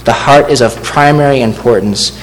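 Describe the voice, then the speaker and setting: A man preaching a verse-by-verse sermon to a congregation in a measured way, with asides like "doesn't he?". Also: medium pitch. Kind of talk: expository sermon. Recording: long hall reverb with faint hum.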